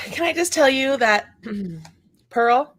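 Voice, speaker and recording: A woman host in a casual chat, telling animated stories, laughing and mimicking others. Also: a little high, very slow, a little hiss or hum. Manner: animated storyteller, laughs often, mimics voices.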